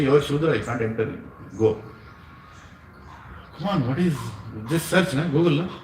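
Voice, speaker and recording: A man's voice: on the high side, slight background noise. Indian man teaching from a distance. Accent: Indian English. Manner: storytelling, asks the audience questions, laughs often. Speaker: spiritual teacher. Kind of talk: devotional satsang lecture. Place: room with a small gathering. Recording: echoey room, voice from far off.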